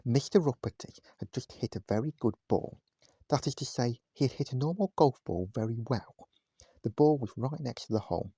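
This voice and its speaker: A man reading a children's storybook aloud at home, gentle and speaking straight to his listeners. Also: medium pitch, animated, a little fast, husky, no room sound, studio quality. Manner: gentle, addresses listeners directly. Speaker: vlogger reading a bedtime story. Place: at home, indoors, cat on his knee.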